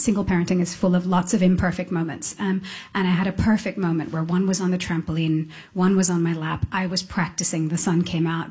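Husky, thoughtful woman musician. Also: fairly low pitch. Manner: thoughtful, halting restarts, soft laughs. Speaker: musician guest. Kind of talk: reflective interview talk. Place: on stage before an audience.

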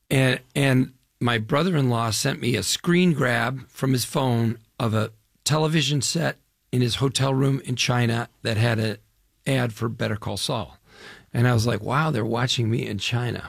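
Gravelly older man from Chicago. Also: medium pitch, dry recording, clean studio sound. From Chicago area, US Midwest. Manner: enthusiastic, rambling with fillers. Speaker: actor guest. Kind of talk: interview conversation.

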